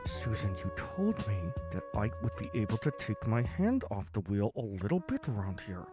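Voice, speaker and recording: Guy doing a deep grumbly office worker, complaining, voice swoops around. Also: big pitch swings, normal speed, music in the background. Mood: grumbling.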